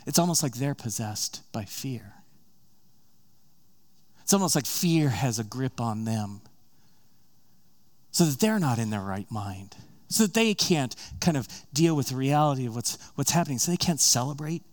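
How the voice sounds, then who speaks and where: A man delivering a sermon in a relaxed, conversational storytelling manner. He slips into the characters' voices for their quoted lines, then returns to his own telling. His voice sits at an ordinary middle pitch for a man. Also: normal speed. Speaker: preacher.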